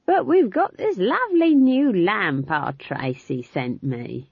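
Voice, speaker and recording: A woman doing a gossipy older witch in a storybook, homely and colloquial, pitched a little higher and set a little farther off. She speaks slowly and sounds husky. The recording is dull and dry. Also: very animated, dry recording, exaggerated voice. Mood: chatty.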